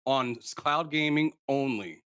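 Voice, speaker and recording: A man's voice: mid-range voice, a little slow, a crowd in the background. A man on a podcast panel, arguing bluntly and sarcastically, swearing as he talks. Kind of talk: heated casual argument.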